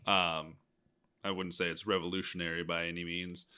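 A man's voice: sits low, little pitch movement, moderate pace, sharp tone. A man co-hosting a casual chat about a show, laid-back and teasing. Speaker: podcast co-host.

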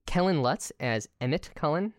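Low-voiced woman, crude casual chat. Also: expressive, dry recording, clean studio sound. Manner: crude, joking, quick asides. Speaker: podcast co-host.

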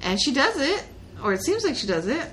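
A bright-voiced woman co-hosting a podcast, chatting casually. She talks with a lively, swooping pitch, giggles often and swears casually. Faint background noise sits under the voice. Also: fairly quick. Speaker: podcast co-host. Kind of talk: casual chat.

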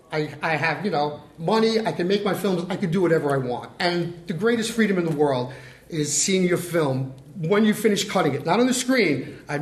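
An older man with a notably high voice tells lively stories as a guest filmmaker, acting out the lines of the people in them. The sound has a roomy echo. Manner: animated, acts out quotes. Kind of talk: casual storytelling chat. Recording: roomy echoey room.

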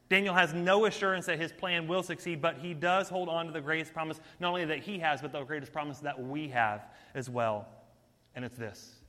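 A man preaching a sermon in an energetic, conversational way, talking straight to his listeners. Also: a little high, big-room sound.

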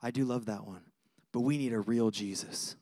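A male pastor preaching a sermon in an animated, conversational way, with laughter and punchy repeated lists. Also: medium pitch, normal speed, dry recording, clean studio sound.

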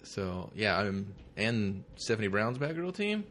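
A man's voice: fairly low pitch, very animated, a little slow, fairly bright tone, slight background noise. A man co-hosting a comics podcast in loose, profane casual chat, often acting out quoted voices. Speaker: podcast co-host.

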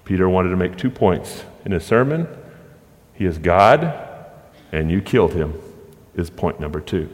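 A pastor preaching from the pulpit with a lowish male voice. He leans on rhetorical questions and lets dramatic pauses hang, his words trailing off into the long reverb of a large hall. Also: sing-song, darkish tone. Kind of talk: sermon.

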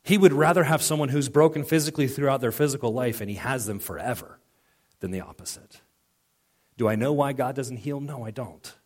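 A middle-aged man preaching to his congregation in a relaxed, conversational way. He moves through personal stories and plays out both sides of remembered conversations. His voice sits at an ordinary male pitch. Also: fairly quick. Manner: conversational storytelling with quoted dialogue. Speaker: pastor. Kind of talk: sermon.

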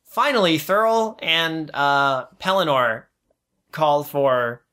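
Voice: mid-range voice, expressive, slow, a bit bright. A podcast co-host talks through a film in loose, casual conversation. The delivery is analytical and sceptical, picking apart the story, with the odd playful mock voice.

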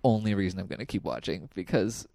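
A man's voice: deep voice, fast talker, vocal fry, dark tone, no echo, clean studio sound. A man co-hosting a podcast in a casual, playful chat, laughing often. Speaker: podcast co-host.

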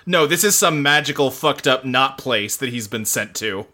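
Laid-back man with a bright, lively voice. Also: medium pitch, moderate pace. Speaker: podcast co-host. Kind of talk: casual chat.

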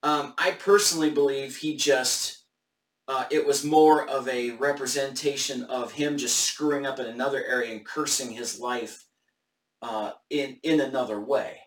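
A man's voice: medium pitch, steady tone, normal speed, echoey room, distant mic. A man hosting a casual Bible study discussion live on camera, thinking aloud with hesitant restarts.

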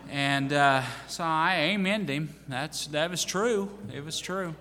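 A man's voice: a little high, takes it slowly, pushed and bright. A man preaching as pastor, telling a folksy story with restarts and fillers in a church. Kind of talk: sermon with church announcements. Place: church sanctuary. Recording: reverberant church hall.

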